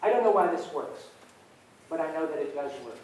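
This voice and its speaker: A man giving a motivational keynote talk to students, telling funny stories in an animated way. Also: a little high, fairly quick. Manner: animated, humorous storytelling. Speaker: motivational speaker. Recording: echoey hall from far off.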